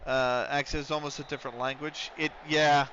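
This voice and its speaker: This man's medium-pitched, level voice runs a little fast and sounds a bit bright, with slight background noise. He lives in the United States and live-streams a football management game, rambling casually between play-by-play calls, in dull lo-fi stream sound.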